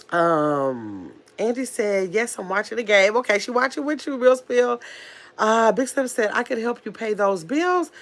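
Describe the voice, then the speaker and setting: A woman in her fifties with a nasal voice, hosting a casual livestream, talking very fast and bluntly while reading chat comments. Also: medium pitch, a bit bright. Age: 50s. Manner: talks very fast, blunt and chatty. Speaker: livestream host.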